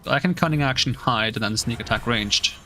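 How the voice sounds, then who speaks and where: A man's voice: medium pitch, brisk, pushed and bright, soft background music. A male streamer giving casual gameplay commentary, thinking aloud and puzzling over the game's rules.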